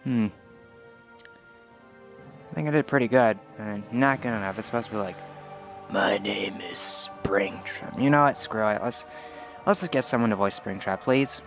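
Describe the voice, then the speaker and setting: A man's voice: mid-range voice, normal speed, pauses often, faint music behind. A sixteen-year-old boy giving a casual channel update, rambling with many fillers and self-corrections, unsure of himself. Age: teen. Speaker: channel owner.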